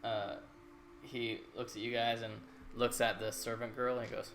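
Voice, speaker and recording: A man's voice: mid-range voice, flat delivery, normal speed, fairly bright tone. A man narrates a tabletop game as game master. He describes scenes in an easygoing way with many fillers, over a faint background hum.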